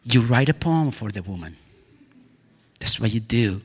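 A man rambling through a heartfelt personal monologue, veering from excited outbursts to hushed, near-whispered lines, with frequent laughs and exclamations. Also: lowish voice, a little slow, husky, big-room sound. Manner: laughs often, sighs and exclaims.

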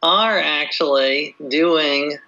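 A man interviewed as an author answers in a fairly high-pitched, sharp voice, speaking very slowly. He's casual and hesitant, full of "you know" fillers and restarts, on dull lo-fi audio.

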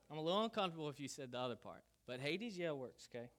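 A man preaching a sermon, casual and conversational, with an animated delivery. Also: a little high, rapid-fire, few pauses. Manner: lively, conversational preaching with Southern "y'all". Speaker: pastor.

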